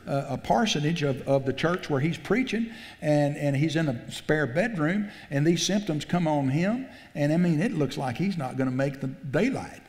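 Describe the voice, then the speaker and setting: A man's voice: fairly high pitch, darkish tone. A man preaching a sermon as pastor, telling stories in a folksy way and building to fervent exclamations. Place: church sanctuary. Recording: long church-hall reverb.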